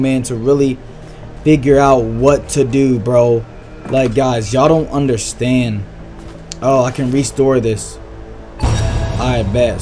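A young man giving excitable, slang-heavy let's-play commentary on a horror game and reacting loudly to scares. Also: medium pitch. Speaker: gaming YouTuber.

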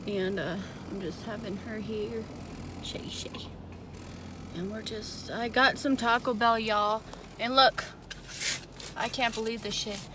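A woman vlogging casually from a parked car, swearing freely and cooing softly to her dog. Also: a little high, fairly even intonation, unhurried. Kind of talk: casual vlog chat. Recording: car noise in the background.

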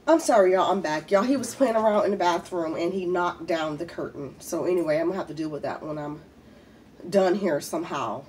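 A woman's voice: on the low side, brisk, darkish tone, far from the mic, a little hiss or hum. A woman, chatting casually while eating in a mukbang video, a little congested from a head cold. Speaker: mukbang vlogger.

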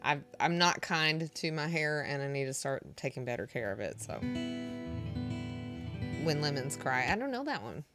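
Deadpan low-voiced woman streamer. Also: unhurried, pauses often, over loud music. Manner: flat, monotone, deadpan delivery. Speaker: music streamer. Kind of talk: casual chat with live chat.

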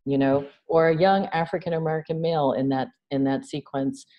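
A woman from New York City speaking as an interview guest, animated and conversational, often checking in with "right?". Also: sits low, fairly quick, lo-fi sound. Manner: animated, acts out quoted dialogue, frequent "right?". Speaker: interview guest, nonprofit founder.

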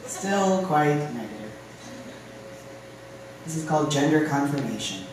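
A poet from Ohio reading poems aloud at a live open mic, with halting, filler-laden chat between poems. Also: mid-range voice, animated, noisy background. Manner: reads poems, chats with fillers between them. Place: live venue room. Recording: very echoey room from a distance.

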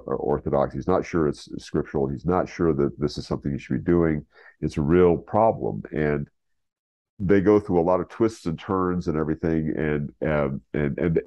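A man's voice: extremely low pitch, mellow, dry recording. A man retelling a story as an interview guest, rambling with fillers and restarts. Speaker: guest, writer. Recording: slightly dull lo-fi recording.

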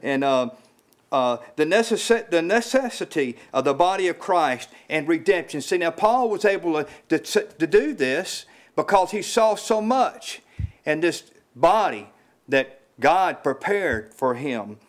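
Male lay preacher, slightly high-pitched, informal and halting, many fillers, voice rises on emphasis. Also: lively intonation. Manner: rises in pitch when stressing a point. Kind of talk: informal sermon. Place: small house church.

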